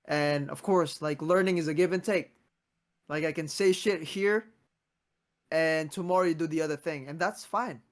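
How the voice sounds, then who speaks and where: A young man in his twenties with a somewhat high-pitched voice hosts a relaxed podcast chat. He talks in an earnest, motivational way, tripping over and restarting his sentences as he goes. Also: normal speed. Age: 20s. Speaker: podcast host.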